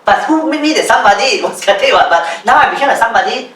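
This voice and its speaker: A man, coaching a small group in an animated way and reading aloud from his own journal. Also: very high-pitched, quick pace. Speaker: business coach. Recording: roomy, voice from a distance, faint ambience.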